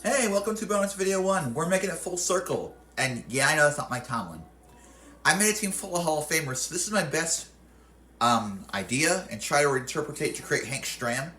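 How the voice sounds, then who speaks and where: A man's voice: fairly high pitch, lively intonation, brisk, sharp tone. A young man hosting a casual video game commentary, reading off rosters and stats and often correcting himself. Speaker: video game channel host.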